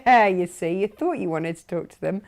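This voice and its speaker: A woman's voice: lowish voice, lively intonation, a little fast, creaky, a little hiss or hum. A woman co-hosting a live crafting show, reading out viewer comments and chatting cheerfully. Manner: cheerful, reads comments aloud, laughs easily. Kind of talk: casual chat.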